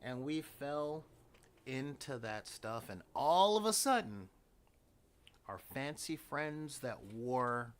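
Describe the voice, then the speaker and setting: Middle-aged guy rambling slow and wry, dramatic sighs, hosting his show. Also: mid-range voice, very animated, clear, resonant tone. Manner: wry, dramatic, sighing asides. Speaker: host. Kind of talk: casual rambling monologue.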